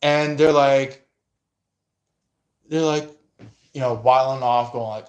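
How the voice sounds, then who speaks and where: A man's voice: medium pitch, takes it slowly, darkish tone. A man giving a casual astrology reading and responding to viewer comments, talking hesitantly with many fillers. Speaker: astrology and tarot reader.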